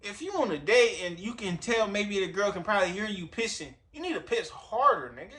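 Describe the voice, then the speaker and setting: Bright high-voiced man joking casually. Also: lively intonation, fairly quick. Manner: slangy, profane, joking asides. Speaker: reaction video host. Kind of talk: casual reaction commentary.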